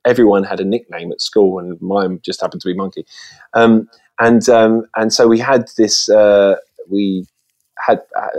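A man's voice: on the low side, darkish tone. A man telling casual stories as a podcast guest, rambling through many false starts, recorded on a phone.

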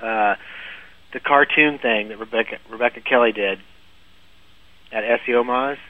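A man's voice: mid-range voice, moderate pace, dry recording. A man telling a long funny story in casual podcast chat, laughing often and restarting his sentences. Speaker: guest storyteller. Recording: phone-like lo-fi, dry.

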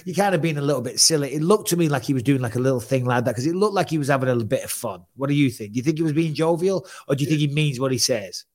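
A man hosting a loose podcast chat, joking and rambling from one story to the next. His voice sits at an ordinary middle pitch. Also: lively intonation, racing, few pauses. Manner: chatty, jokey, rambling. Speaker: podcast host. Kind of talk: casual chat.

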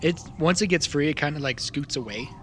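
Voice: mid-range voice, fairly quick, a bit bright, faint music behind. A game master casually narrating a tabletop role-playing game. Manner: casual, descriptive.

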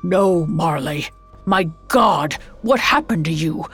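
A woman's voice: low voice, animated, takes it slowly, breathy edge, faint music behind, heavily acted. A woman playing a miserly old man who is skeptical and frightened, with a scoffing, flustered manner. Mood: alarmed.

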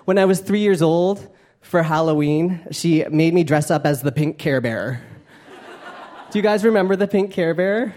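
A man's voice: a little high, darkish tone. Campy young man doing stand-up. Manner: campy, playful, self-mocking. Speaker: stand-up comedian. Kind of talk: stand-up comedy set. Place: comedy club stage. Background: audience laughter.

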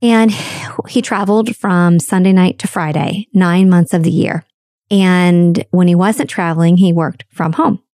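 A woman's voice: on the low side, dark tone, no echo, clean studio sound. A woman hosting a show, talking candidly in a reflective personal monologue full of childhood stories. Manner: candid, storytelling, drawn-out emphasis.

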